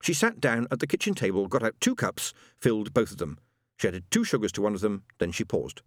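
A man's voice: lowish voice, sing-song, brisk, no room sound. A man reading an audiobook with a dry, wry delivery. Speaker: narrator. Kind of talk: audiobook narration.

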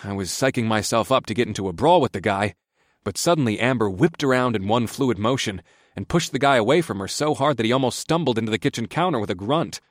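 A man narrating a first-person romance audiobook in a steady, low-key way. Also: quick pace, no room sound, clean studio sound.

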